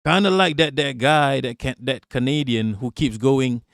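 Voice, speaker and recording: A man's voice: medium pitch, moderate pace, dry recording, clean studio sound. A man hosting a livestream, ranting about politics in a profane, mocking way, repeating himself and laughing often. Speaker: livestream host. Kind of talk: casual political rant on a livestream.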